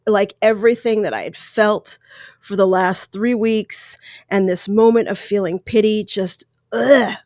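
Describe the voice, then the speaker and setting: A woman in her thirties speaks close to the microphone, telling a personal story candidly, with emotion and many restarts. Her voice sits at an ordinary middle pitch. The sound is dry and close, with no room echo. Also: a little mellow. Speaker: podcast host.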